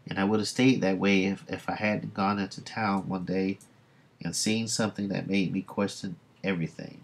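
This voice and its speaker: A man reading the lines of a young half-alien woman, low and matter-of-fact. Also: steady tone, moderate pace, creaky.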